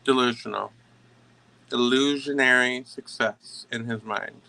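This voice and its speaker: A middle-aged man reads tarot cards to his viewers at an unhurried pace, in a sharp, very bright voice. He leans hard on key words, then trails off and starts his sentences over. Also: medium pitch, fairly even intonation, gravelly, a little hiss or hum, rough recording. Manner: emphatic, halting with restarts. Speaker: tarot reader. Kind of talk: tarot reading to camera.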